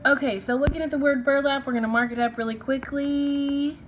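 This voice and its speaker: A woman's voice: high-pitched, steady tone, a little fast, slight background noise. A woman teaching a phonics lesson, patiently sounding out syllables and letters one by one.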